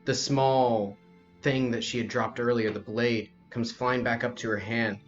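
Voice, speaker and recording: Here a game master guides a tabletop RPG session, speaking in slow, descriptive second-person narration with a mid-range voice and fairly even intonation. The recording is lo-fi, with faint music in the background.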